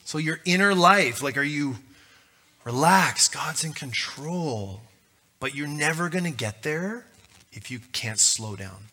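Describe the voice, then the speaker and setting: A man's voice: a little high, expressive, unhurried, sharp tone. A male pastor giving a conversational, joking sermon.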